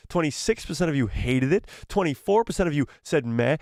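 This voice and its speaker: Hoarse, excitable man hosting a live stream. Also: on the high side, no echo, clean studio sound. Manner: excitable, frequent exclamations and quick laughs. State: losing his voice, throat-clearing. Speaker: livestream host. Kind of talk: live watch-party chat, reading viewer messages.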